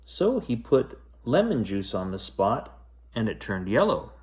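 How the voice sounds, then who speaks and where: A man reads a children's picture book aloud at bedtime in an expressive way. He takes his time with each line, and his pitch rises and falls freely. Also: a little slow. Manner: expressive, lilting. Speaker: storyteller. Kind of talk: bedtime story read-aloud.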